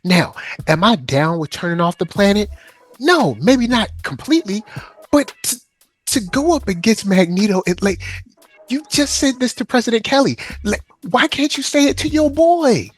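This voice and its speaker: A man hosting a casual fan chat about a cartoon, animated and joking, acting out characters as he talks. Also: high-pitched, moderate pace, no room sound, soft background music. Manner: animated, acts out characters in skits. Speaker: podcast host.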